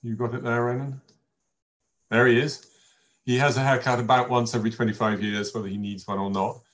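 A man's voice: medium pitch, level tone, brisk. An older man giving an informal wine-tasting talk from home, telling anecdotes with many ums and restarts. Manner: rambling anecdotal storyteller with many fillers and restarts. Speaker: wine presenter. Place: home in a village.

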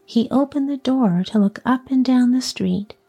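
A woman narrating a classic children's story in a soft, partly whispered storytelling voice. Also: sits high, moderate pace, vocal fry, slightly rough, soft background music.

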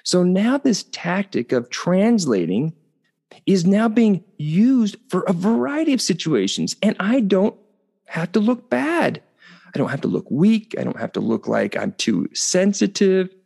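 A man's voice: high-pitched, measured pace, vocal fry. A middle-aged man hosting a talk, telling a personal story in a conversational way and checking in with "okay?". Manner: animated, conversational, tags points with "okay?". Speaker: host.

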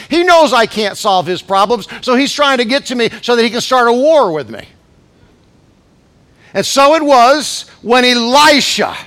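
A man preaching a sermon as bishop, acting out scripture quotes and swinging between shouted climaxes and soft asides. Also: extremely high pitch. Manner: acts out scripture quotes in raised voice. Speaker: pastor.

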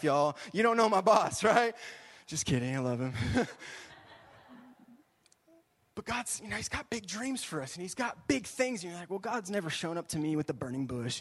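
A young man giving a casual, animated sermon as a youth pastor, chatty and often saying "y'all" and "right?". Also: high-pitched. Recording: long hall reverb.

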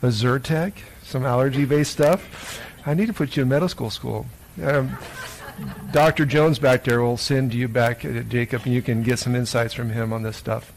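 A man's voice: medium pitch, steady tone, normal speed, gravelly, a little hiss or hum, rough recording. A man preaching a children's sermon in church, reading scripture and then asking the children playful questions. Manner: playful, asks the listeners many questions. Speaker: pastor.

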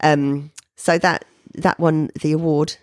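A middle-aged woman, an artist telling stories of her career in a casual interview, animated and leaping up in pitch when she quotes people. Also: slow, no room sound, clean studio sound. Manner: animated, jumps high when quoting people. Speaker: painter being interviewed.

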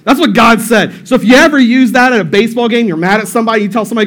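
A male lead pastor preaching a casual, storytelling sermon in a church, animated and joking, often repeating his phrases. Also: high-pitched, quick pace, few pauses. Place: church service room.

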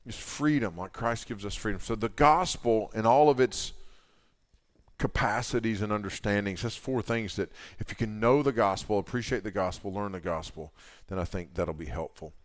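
A man speaking as a camp speaker to girls, giving an animated, folksy talk with slangy asides. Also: on the low side, normal speed. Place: camp meeting hall.

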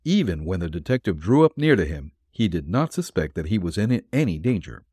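A man narrating a dime-novel detective serial as an audiobook, expressive. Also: lowish voice, no room sound, clean studio sound.

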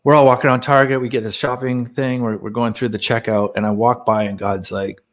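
A man's voice: mid-range voice, little pitch movement, brisk. A man speaking as a podcast guest, telling a personal spiritual story in a casual, earnest way, laughing often and using many fillers.

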